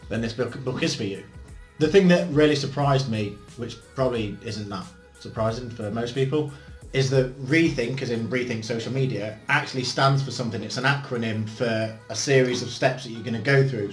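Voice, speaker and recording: A man hosting his channel, giving a casual, blunt book review with self-mocking jokes and casual swearing. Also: medium pitch. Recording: roomy echo with faint background music.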